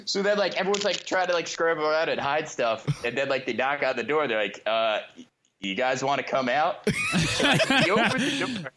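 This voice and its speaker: A man's voice: a little high, fairly quick. A young man telling a story among friends in casual chat, acting out voices, laughing often and filling his talk with "like". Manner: animated, acts out voices, laughs often, heavy "like" filler. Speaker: podcast co-host.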